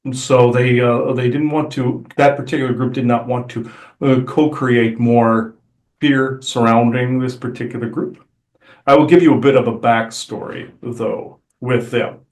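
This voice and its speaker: A man channeling a calm male Sasquatch elder, speaking in a slow, deliberate, formal way. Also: mid-range voice, natural voice. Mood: measured. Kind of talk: channeled spirit speech. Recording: roomy echo.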